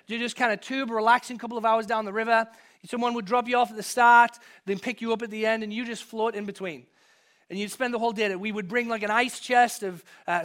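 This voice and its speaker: A pastor from outside the US preaches from the pulpit in a high, bright, ringing voice. He blends scripture reading with relaxed, conversational personal stories, building to emphatic peaks on his main points.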